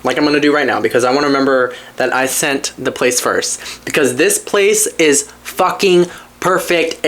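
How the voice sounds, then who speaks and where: Candid and profane, a podcast host tells a story from his own life over casual chat. He meanders through tangents, swinging between quiet muttering and bursts of enthusiasm.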